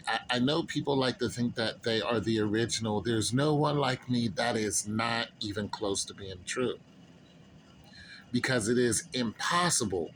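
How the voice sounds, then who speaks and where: A man telling stories in a casual monologue at an ordinary, mid-range pitch. He rambles earnestly and loses his thread with fillers. A faint noise floor sits under the voice. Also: a bit bright, poor audio. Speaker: vlogger.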